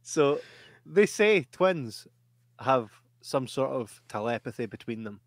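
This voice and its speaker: A man, co-hosting a casual podcast film review, chatty and quick to laugh. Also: medium pitch, lively intonation, no room sound. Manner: chatty, laughs often, swears. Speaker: podcast co-host.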